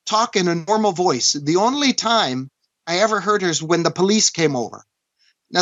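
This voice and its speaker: A man from Canada, recounting a personal story as an interview guest in an earnest, halting way, often restarting and saying "you know". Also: a little high, a bit bright, no echo. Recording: dull, dry lo-fi recording.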